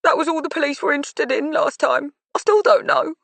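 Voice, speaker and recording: A woman's voice: high-pitched, a little fast, creaky, a bit bright, dry recording, pitched above the performer's own voice. A woman voicing a grieving mother of a dead teenage daughter, her voice climbing and breaking as she talks. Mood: anguished.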